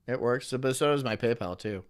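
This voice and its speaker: A man's voice: medium pitch, fairly quick, clear, resonant tone. A man hosting a casual live stream, rambling and cracking crude jokes while reacting to a clip. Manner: rambling, crude joking, frequent laughter. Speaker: livestream host.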